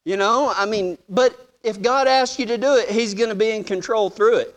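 A man's voice: sits high, moderate pace, few pauses. A man preaching a sermon, telling funny personal stories and acting out the voices in them with a self-deprecating humor.

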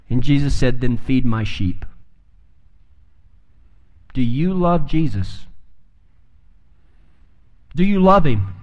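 A man's voice: high-pitched, expressive, measured pace, long pauses. A man preaching a sermon, telling stories in a folksy way and building to emphatic peaks. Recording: long reverb of a hall.

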